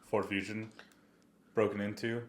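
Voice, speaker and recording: A man's voice: fairly low pitch, little pitch movement, unhurried. A young man co-hosting a podcast, telling a story in a laid-back way and laughing at himself. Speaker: podcast co-host, police officer. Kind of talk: casual chat, storytelling.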